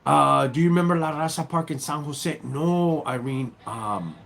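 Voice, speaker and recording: A man's voice: a little high, moderate pace, creaky, a bit bright. A middle-aged man from Southern California with a Chicano English accent, hosting a casual livestream and talking slangy street talk, calling his viewers dog and homie. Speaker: livestream host.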